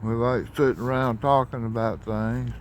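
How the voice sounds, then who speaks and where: Monotone man by the tracks. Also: mid-range voice, normal speed, slight background noise. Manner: flat, monotone delivery. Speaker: railfan vlogger. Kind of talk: casual narration while filming trains. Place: outdoors by railroad tracks at dusk.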